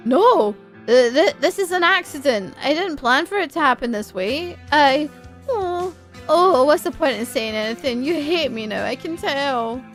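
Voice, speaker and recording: A man's voice: very high voice, a little slow, soft background music, full character voice. A woman voicing a goofy male dog politician who poses as a cat, bouncy at first and later sheepish. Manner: bouncy and excitable, then sheepish and apologetic.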